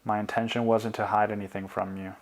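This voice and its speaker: A man reading his own memoir as an audiobook, in a quiet, confessional tone. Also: fairly low pitch, little pitch movement, a little fast. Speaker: memoir author and narrator.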